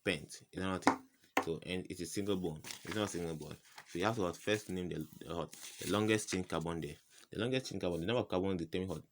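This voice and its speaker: A man's voice: low voice, quick pace, slight background noise. A man tutoring chemistry in an informal lesson, firing rhetorical "what?" questions at the viewer and repeating each answer. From West Africa.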